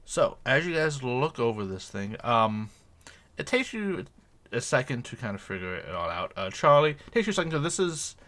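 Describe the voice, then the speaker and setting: Game master, male, bright tone, rambling narration full of "um" and "like". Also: mid-range voice, very animated, moderate pace. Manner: loose, searching, many fillers and restarts.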